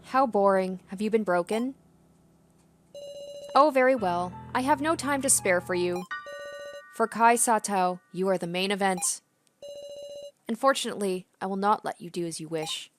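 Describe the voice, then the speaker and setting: A woman's voice: mid-range voice, moderate pace, long pauses, faint music behind, close to an everyday voice. A gleeful, sadistic young captor who taunts his victims with a sing-song giggle, as a woman puts him on. The voice sits in a middling register. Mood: bored, cold.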